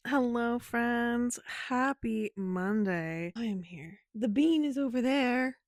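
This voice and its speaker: A woman's voice: on the high side, slow pace, no room sound, clean studio sound. A young woman vlogging in casual chat from her bedroom, rambling and laughing often, sometimes dropping to a whisper. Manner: coos softly in baby talk at her pet. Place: bedroom at home.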